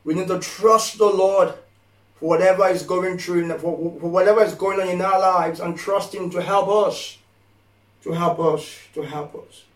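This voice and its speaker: A man preaching a sermon, slow and emphatic, repeating phrases and rising to impassioned pleas. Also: high-pitched, fairly even intonation. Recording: echoey room from far off.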